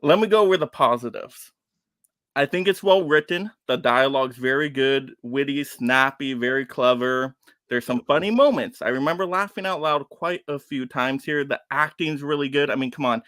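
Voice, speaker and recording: A man reviewing films in a casual online round-table chat, animated and exasperated when he picks apart a plot. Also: medium pitch, normal speed, no room sound, studio quality. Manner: animated, exasperated ranting about plots.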